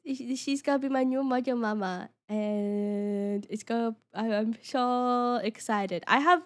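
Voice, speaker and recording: A young woman streaming as a VTuber, chatting casually with her viewers in a giggly, excitable way, often restarting and stammering. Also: high-pitched. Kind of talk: casual live-stream chat.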